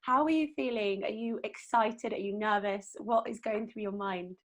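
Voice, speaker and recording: A woman hosting an interview podcast, introducing her guest and asking questions with enthusiasm over a video call. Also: medium pitch. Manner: warm, enthusiastic, asks questions in quick strings.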